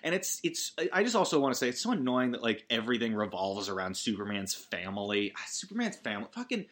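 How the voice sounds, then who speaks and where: A man's voice: medium pitch, very animated, quick pace, a bit bright. A man hosting a casual solo podcast, rambling through a film recap with swearing and frequent false starts. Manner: rambling, swearing, many restarts. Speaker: podcast host.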